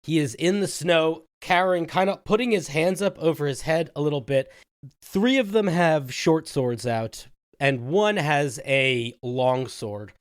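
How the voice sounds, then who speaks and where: A man's voice: a little high, lively intonation, measured pace, dry recording, studio quality. A man hosting a tabletop game podcast, narrating scenes and reading announcements in an upbeat, chatty way. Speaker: game master and host.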